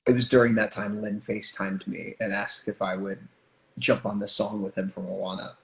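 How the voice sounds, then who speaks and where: A man chatting as an interview guest, telling stories in an animated way with quick asides. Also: on the low side, vocal fry, a crowd in the background. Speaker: guest, stage performer. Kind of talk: casual interview chat. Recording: echoey room.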